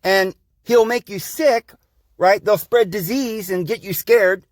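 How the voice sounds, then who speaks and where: A man's voice: high voice, slow, no room sound, clean studio sound. A man hosting a podcast, delivering a rambling, insistent monologue to his listeners and calling them guys and friends. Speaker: podcast host. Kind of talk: preachy monologue.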